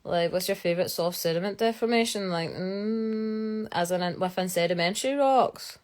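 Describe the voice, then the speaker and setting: A young Scottish woman who works as a geologist chats casually on a live stream, reading comments and answering viewer questions. Her voice is medium-pitched with a darkish tone at normal speed, and she rambles with lots of fillers.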